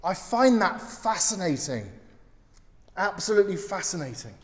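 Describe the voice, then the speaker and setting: British pastor preaching in a reverberant hall. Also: male voice, high-pitched, sing-song, normal speed. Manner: storytelling with sudden loud exclamations. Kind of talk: sermon.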